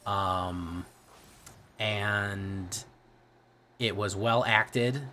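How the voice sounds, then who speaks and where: A man's voice: lowish voice, fairly even intonation, very slow, pushed and bright, slight background noise. A young man with a Midwest American accent, chatting casually and profanely on a game stream, often restarting his sentences. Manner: profane, rambling, self-correcting. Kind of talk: casual livestream chat.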